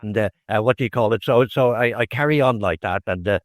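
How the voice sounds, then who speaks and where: A man's voice: on the low side, quick pace, no echo. An Irish man, a guest on a podcast, telling meandering stories about his old fishing days and often restarting his sentences. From Ireland (Howth). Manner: meandering anecdotal storytelling with frequent restarts. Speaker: guest, fisherman turned distiller. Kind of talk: casual conversation.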